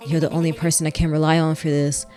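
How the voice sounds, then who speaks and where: A woman's voice: sits low, little pitch movement, fast talker, dark tone, faint music behind, natural voice. A woman playing a breathless, pleading young woman. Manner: urgent, pleading.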